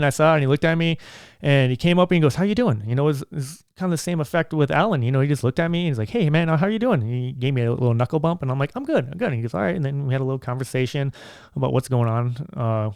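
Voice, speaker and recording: A man's voice: medium pitch, a little mellow, smooth, dry recording, clean studio sound. A man hosting his own podcast, talking in a casual, earnest and rambling way. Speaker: podcast host.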